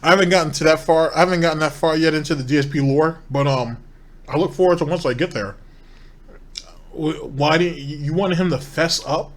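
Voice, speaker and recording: A man's voice: a little high, brisk. Sarcastic male commentary host. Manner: critical, sarcastic, rhetorical questions. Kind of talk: reaction commentary on a streamer clip.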